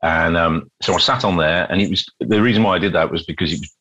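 A man from the UK, a street musician telling anecdotes as an interview guest with lively restarts. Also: sits low, fast talker, lo-fi sound. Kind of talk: casual interview storytelling.

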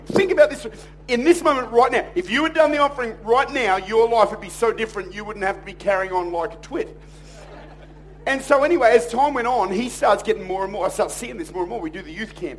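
A man preaching a sermon in church, telling stories in a jokey, animated way and acting out other people's voices. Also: high-pitched, fast, slight background noise. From Australia. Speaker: pastor.

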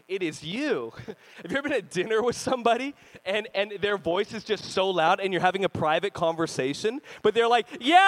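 A male pastor preaching a sermon in an animated way, swinging between loud bursts and hushed stretches and laughing often. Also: sits high, rough recording.

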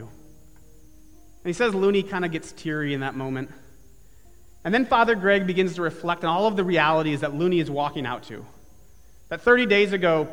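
A man's voice: fairly high pitch, fairly bright tone, long reverb tail. A man preaching a sermon in church, telling a story earnestly and building to emphatic repeated phrases. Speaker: pastor. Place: church sanctuary with live and online congregation.

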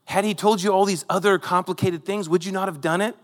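A man's voice: sits high, steady tone, fairly quick, long reverb tail. A man preaching a sermon, retelling a Bible story in a conversational way with rhetorical asides to the congregation. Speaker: pastor.

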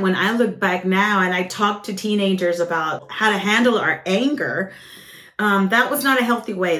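A woman hosting a ministry podcast, telling a personal testimony with lively acted-out quotes and plenty of fillers. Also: mid-range voice, echoey room. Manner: animated storyteller, acts out quoted voices, frequent fillers.

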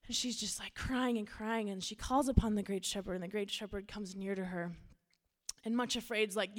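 A woman's voice: mid-range voice, steady tone, a little fast. A woman youth pastor from Minnesota giving an earnest, casual sermon with personal storytelling.

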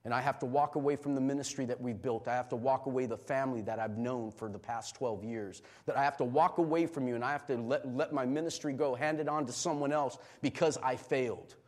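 A middle-aged male pastor preaching a sermon, moving from quiet emotional confession to loud, shouted exhortation. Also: medium pitch, a little fast, hardly any pauses.

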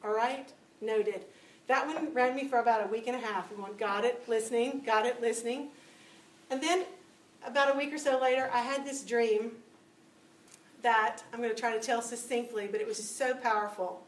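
A woman giving a spoken testimony to a church audience, telling stories with lively acted-out dialogue. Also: fairly high pitch, normal speed. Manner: animated storytelling, acting out dialogue. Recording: echoey room, distant mic, faint noise.

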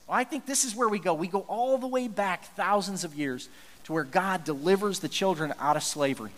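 A man preaching a sermon as pastor, telling the story in an animated way with jokey asides. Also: sits high, brisk, long reverb tail.

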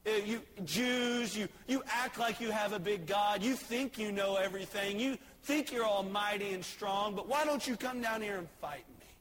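A male preacher voicing a boastful giant warrior who slowly taunts an army, in a sermon retelling. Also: sits high, fairly bright tone, poor audio. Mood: taunting.

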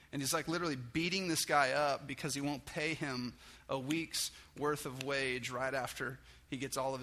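Bright-voiced casual male preacher. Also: on the high side. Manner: casual and conversational, with many restarts and "like"; acts out dialogue with raised, excited voice. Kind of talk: informal sermon.

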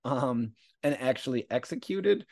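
A man's voice: medium pitch, expressive, measured pace, gravelly, a little mellow, no echo, studio quality. A man hosting a podcast, retelling a story in a casual, slangy way and acting out quotes as he goes. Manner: slangy, conversational, acts out quotes. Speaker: podcast host.

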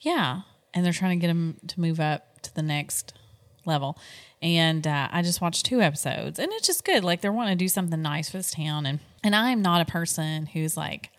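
Middle-aged woman, podcast co-host at home, chatty rambling storyteller, slightly low pitch. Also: lively intonation, moderate pace. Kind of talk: casual chat.

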